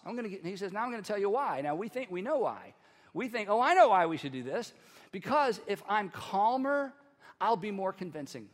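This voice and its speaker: A man preaching with a fairly high voice, moving between loud emphatic lines and quiet asides. He speaks in a conversational, animated style and acts out the people he quotes. The sound carries the long reverb of a large church hall. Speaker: pastor. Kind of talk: sermon.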